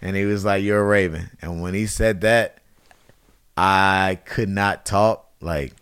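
A man in his thirties tells a story in relaxed conversation. His voice sits low and sounds clear and smooth. He acts out the people he quotes by raising his voice. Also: measured pace, no room sound, studio quality. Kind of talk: casual chat.

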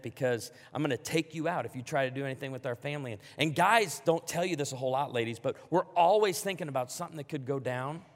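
A man preaching a sermon to a congregation, animated and emphatic, joking along the way. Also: fairly high pitch, in a large hall. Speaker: pastor.

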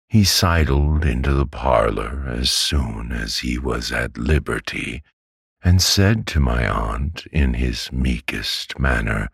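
Deep, gravelly man reading a bedtime story. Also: a bit bright, dry recording, studio quality. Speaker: audiobook reader.

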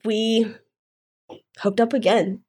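A woman's voice: fairly high pitch, little pitch movement, slow, a little mellow, slight background noise. A young woman casually telling a long personal story on a podcast, rambling with lots of "like" and swearing. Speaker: guest telling her story.

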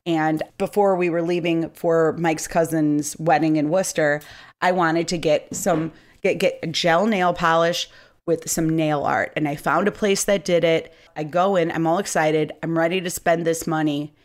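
A woman's voice: low voice, fairly even intonation, moderate pace. A woman in her thirties co-hosting a podcast, telling stories in casual chat and swearing freely. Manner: chatty storyteller, swears freely. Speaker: podcast co-host.

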